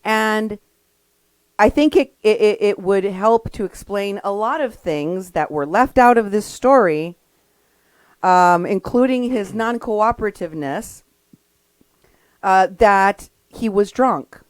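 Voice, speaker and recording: A woman hosting a talk show speaks slowly and earnestly, leaning on her points with emphasis. The sound is close and dry. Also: mid-range voice, expressive, clean tone, no echo, rough recording. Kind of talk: radio talk commentary.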